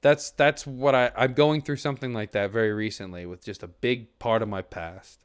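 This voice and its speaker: A man's voice: medium pitch, fairly even intonation, moderate pace, clear, resonant tone. A young man streaming from his desk mic, talking earnestly and at length to his chat, with restarts and the odd swear word. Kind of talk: reflective casual talk to a stream chat. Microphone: desk mic at a computer.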